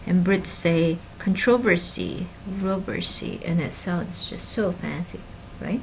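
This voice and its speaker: A woman teaching a linguistics class, stressing example words with energy and dropping into quiet asides. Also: on the low side, fairly even intonation, unhurried, creaky, slight background noise, rough recording. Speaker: linguistics lecturer. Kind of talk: recorded classroom lecture.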